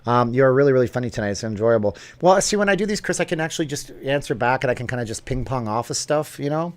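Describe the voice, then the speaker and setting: A man's voice: medium pitch, lively intonation, fast. A man hosting a casual live stream, chatting and joking as he answers viewer comments off the cuff.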